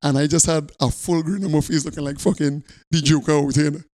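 A man's voice: fairly high pitch, fairly even intonation, brisk, darkish tone. A man in casual chat among friends, cutting in to tease and tell his own side of the story. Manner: teasing, cutting in with jokes. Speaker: podcast co-host.

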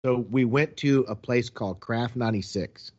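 A man telling a long story in a casual, animated way, quoting people as he goes. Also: mid-range voice, normal speed, highs cut off.

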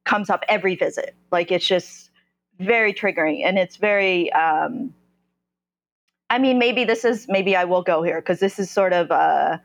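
A lowish, creaky voice belongs to a New Jersey woman guesting on a podcast. She relates her personal story with candor, pausing and restarting frequently while she searches for what to say.

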